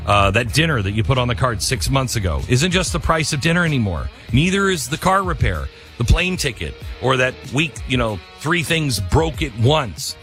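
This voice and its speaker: A man's voice: mid-range voice, very animated, moderate pace, hardly any pauses, fairly bright tone, soft background music. A man hosting a talk show, reading a sponsor ad and introducing a guest in a loose, rambling way with many fillers. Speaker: radio talk show host. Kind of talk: talk show chat and live-read ad.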